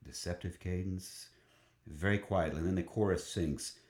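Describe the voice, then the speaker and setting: Deep-voiced and a little mellow, a male choir singer recounts a story with enthusiasm in conversation. He stops and restarts often and uses many fillers, and the recording is reverberant.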